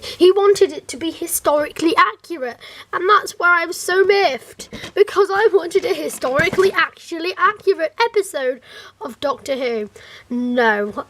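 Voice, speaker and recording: A woman with a high, light voice chats to camera as a fan reviewer. She sounds animated and rambling, with frequent fillers and restarts. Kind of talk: casual chat to camera.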